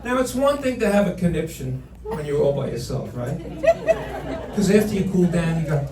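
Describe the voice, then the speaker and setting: A male comedian rants with mock outrage in a high, lively voice that swoops up and down. The sound is roomy and picked up from a distance. A crowd laughs throughout. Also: normal speed, heavy background noise. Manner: animated, ranting, mock-outraged storytelling. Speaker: stand-up comedian. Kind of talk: stand-up comedy set. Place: comedy club stage.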